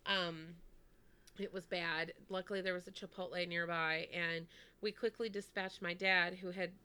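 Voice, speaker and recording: A woman's voice: fairly low pitch, fairly even intonation, normal speed, pushed and bright, smooth. A woman co-hosting a podcast, telling a story in a casual, chatty way, with many "like"s and "anyway"s. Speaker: podcast co-host.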